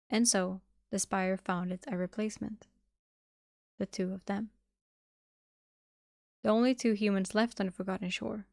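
A woman streamer reads a novel aloud at a steady pace, stumbling and restarting now and then. Her voice has a gravelly fry. The sound is dry and close, with no room in it. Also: mid-range voice, no room sound. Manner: steady reading with small restarts. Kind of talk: live-streamed audiobook reading.

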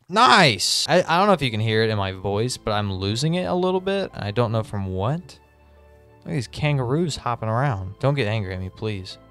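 A man giving excitable, chatty gameplay commentary and talking straight to his viewers. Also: medium pitch. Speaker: gaming video host.

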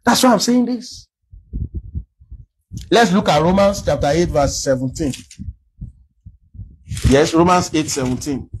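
A man's voice: on the high side, a little slow, pauses often, slight background noise, rough recording. A Nigerian man preaching a sermon as a pastor, emphatic and full of rhetorical questions.

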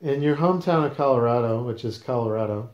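A man's voice: medium pitch, quick pace, a little mellow, echoey room, muffled recording, slight background noise. A man hosting a casual podcast, questioning his guest in a teasing, mock-serious way. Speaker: podcast host.

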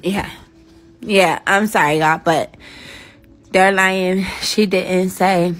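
A woman's voice: on the low side, takes it slowly. A woman hosting a live stream, talking straight to her viewers, thanking commenters and venting bluntly with swearing. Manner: animated, addresses viewers directly and thanks commenters. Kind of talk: casual live stream chat.

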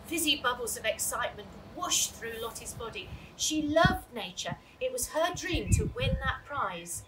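A woman reads a children's chapter book aloud in a lively, expressive storytelling voice of middling pitch. The recording sits a little far from the mic, with a clear steady hiss behind it. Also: normal speed. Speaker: children's author reading aloud. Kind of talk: storybook reading.

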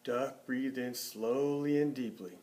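A man reading a children's picture book aloud, expressive, lifting his voice for the characters and dropping low and soft at the ends of sentences. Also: slow pace. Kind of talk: storybook read-aloud.

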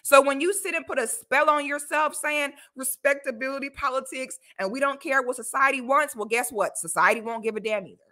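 A woman from Florida hosting a casual commentary livestream, talking bluntly and animatedly with loud exclamations. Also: high voice, fairly quick, few pauses. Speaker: livestream host.

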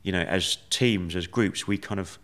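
A man, a podcast guest, telling his story in a measured, reflective way with many fillers. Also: sits low, fairly bright tone. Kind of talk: conversational storytelling.

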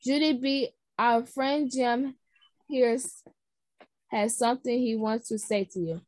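A woman's voice: a little high, steady tone, measured pace, a little mellow, dry recording, close to an everyday voice. A woman voicing a stern male school principal in a storybook read-aloud, firm and questioning.

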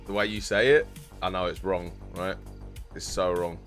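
Young man, lowish voice, casual streamer chat, jokey slang. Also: steady tone, moderate pace, a bit bright, soft background music. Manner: chatty, joking with chat, uses slang. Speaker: game streamer.

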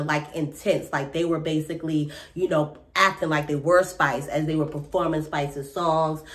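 A young woman casually recapping a reality TV episode in a rambling, chatty way with lots of fillers. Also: low-pitched.

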